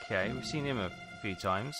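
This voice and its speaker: Over game music, a let's-play host chats casually in a lowish, fairly quick voice with lively intonation, thinking out loud and muttering to himself as he goes.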